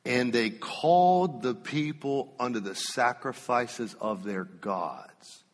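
A man preaching a sermon, telling a story with animated swings from loud to hushed. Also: medium pitch, takes it slowly. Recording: long reverb of a church hall.

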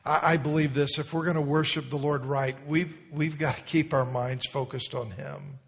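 Folksy pastor preaching in a reverberant hall. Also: male voice, on the high side, steady tone, normal speed, breathy edge. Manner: storytelling, folksy, rising to loud exhortation. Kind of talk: sermon. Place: large church hall.

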